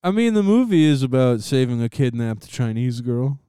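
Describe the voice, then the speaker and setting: A man's voice: mid-range voice, sing-song, moderate pace, mellow, clear, resonant tone, dry recording, studio quality. A young man telling rambling stories in a casual chat with friends, laughing often.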